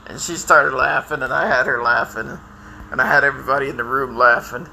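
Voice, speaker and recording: An older man talking in a rambling, halting personal monologue, with many restarts and fillers. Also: mid-range voice, steady tone, creaky, pushed and bright, a little hiss or hum, rough recording. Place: outdoors by a house, lawnmower nearby.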